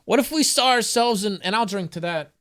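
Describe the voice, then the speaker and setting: In a loose home vlog, a spiritual vlogger jokes and swears while reading out an affirmation card and talking to his cat. His voice sits high and is a bit bright, animated and fairly quick.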